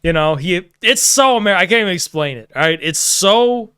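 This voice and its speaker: A man's voice: high-pitched, lively intonation, brisk, bright, forceful tone, smooth, dry recording, clean studio sound. A man ranting sarcastically on a stream, rambling and laughing often between sentences. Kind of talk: casual political rant.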